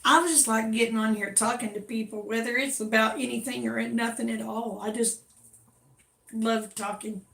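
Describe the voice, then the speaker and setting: A woman's voice: on the high side, fairly even intonation, moderate pace, vocal fry, a bit bright. A woman with a Southern drawl, chatting casually and effusively on a livestream from home. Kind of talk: casual chat. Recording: echoey room.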